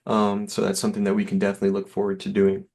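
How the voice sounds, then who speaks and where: A man's voice: fairly low pitch, completely flat delivery, very fast, gravelly, darkish tone. A man giving an easygoing, reassuring sales demo over a call, with lots of fillers. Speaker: software sales rep.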